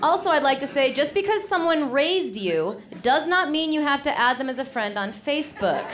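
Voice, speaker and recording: A stand-up comedian from Illinois, USA, a woman with a high voice, delivers a sardonic set full of rapid punchlines. It was recorded live on a comedy club stage, with the audience's laughter and noise audible.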